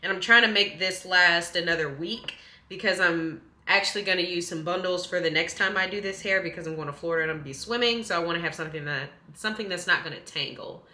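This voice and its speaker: Chatty young woman telling a story. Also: fast talker. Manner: chatty, animated storytelling, rising high when indignant. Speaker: vlogger. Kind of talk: casual storytime chat. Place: small studio apartment kitchen, indoors. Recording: echoey room.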